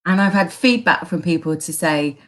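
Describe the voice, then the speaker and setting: A woman's voice: on the low side, expressive, moderate pace, a bit bright. A woman with a Birmingham accent, a coach giving encouraging advice in a casual chat and often restarting her phrases. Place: live online chat.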